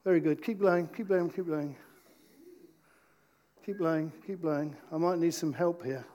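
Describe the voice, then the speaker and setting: A man preaching an interactive sermon in church, playful with his volunteers and slowing down to stress key points. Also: a little high, steady tone, dark tone. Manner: playful, slows down for emphasis.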